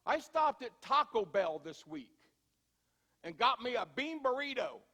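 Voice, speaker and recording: A man preaching a sermon as pastor in a church, telling everyday stories in a conversational way, slowing down to stress points and speeding through asides. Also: very high voice, very animated, pushed and bright, big-room sound. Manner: conversational storytelling, shifting from slow emphasis to quick asides. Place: church sanctuary.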